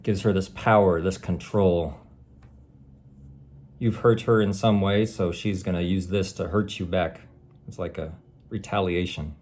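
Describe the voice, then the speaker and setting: A man's voice: deep voice, fairly even intonation, unhurried, pauses often, darkish tone. A man delivering a sarcastic, exasperated rant straight to camera, talking to an unseen listener. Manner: sarcastic, exasperated, addresses the algorithm directly. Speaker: vlogger. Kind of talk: ranting monologue to camera.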